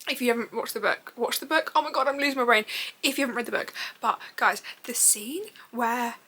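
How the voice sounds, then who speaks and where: A young woman chatting in a reading vlog, gushing and giggling, rambling excitedly and swearing casually. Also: on the high side, a little fast. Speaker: book vlogger.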